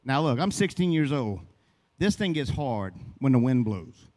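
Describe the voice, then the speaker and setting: A man's voice: medium pitch, very animated, normal speed, warm tone, big-room sound. A man in his fifties from Louisiana doing a first open-mic stand-up set, rambling, folksy and long-winded. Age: 50s. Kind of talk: stand-up storytelling. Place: comedy club stage.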